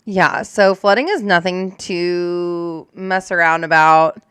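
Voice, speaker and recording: A woman's voice: lowish voice, slow pace, a bit bright, clear, resonant tone, no echo. A young adult woman who is a storm chaser, talking candidly and emotionally in a casual reaction chat, swearing and using lots of fillers.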